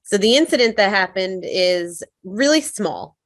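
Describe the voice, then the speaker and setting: A woman's voice: medium pitch, expressive, a little slow, no echo. A woman sharing a personal reflection in an earnest, conversational way, with many fillers.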